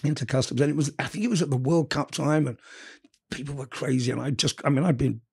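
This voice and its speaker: A middle-aged man telling wild stories from his past in an interview, animated and full of swearing. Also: mid-range voice, gravelly, slightly rough. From England. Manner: animated, profane, quick storyteller. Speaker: interview guest. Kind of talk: storytelling in casual conversation.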